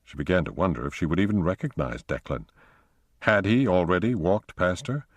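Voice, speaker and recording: A man reading a thriller audiobook aloud in a measured, steady narration. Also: sits low, no echo. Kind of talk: scripted narration.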